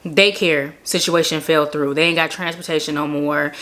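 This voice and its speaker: A woman's voice: deep voice, steady tone, moderate pace, fairly bright tone. A young woman telling her personal faith testimony in a casual, earnest way, full of "like" fillers. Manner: chatty, many "like" fillers, earnest. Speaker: vlogger sharing a faith testimony.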